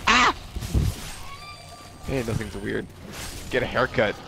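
A man talking hoarsely through a sore throat, chatting in halting bits while playing a video game with a friend. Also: fairly low pitch, fairly even intonation, very noisy. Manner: halting, restarts words, laughs often. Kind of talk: casual gameplay chat.

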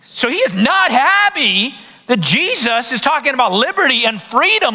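A man preaching with a high, bright, sharply ringing voice that leaps up and down as he drives his points home. He fires rhetorical questions at the congregation. His words carry a long reverb from a large hall. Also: very animated, moderate pace. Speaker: pastor. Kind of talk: sermon.

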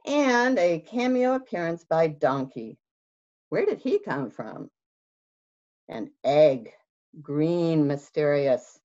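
A woman children's librarian reading a picture book aloud in an expressive, sing-song way. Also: low-pitched, slow, pauses often. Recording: dull lo-fi recording.

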